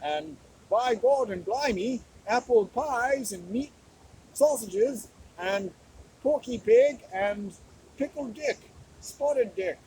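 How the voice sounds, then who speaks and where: A man putting on a silly Cockney character with a high, loud, sing-song rising intonation, reeling off mock-rhyming patter. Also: slow pace, slight background noise, poor audio. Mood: clownish. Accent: put-on Cockney. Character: exaggerated man from London doing a Cockney voice.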